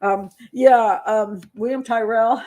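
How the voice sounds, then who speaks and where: A woman's voice: on the high side, fairly even intonation, takes it slowly, darkish tone. An older woman, a criminal profiler hosting a live show, chatting casually as she reads viewer comments, rambling with lots of fillers and little laughs. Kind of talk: casual live-stream commentary reading chat.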